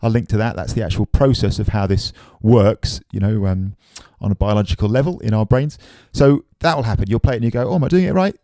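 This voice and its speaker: Chatty drum teacher, dark voice. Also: male voice, on the low side, a little fast, dry recording. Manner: relaxed, chatty, keeps saying "man". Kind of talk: casual spoken drum lesson.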